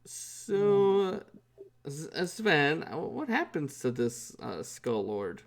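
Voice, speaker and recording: Halting male game master, very lively pitch. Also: creaky. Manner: halting, many fillers. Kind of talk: narrating a tabletop game.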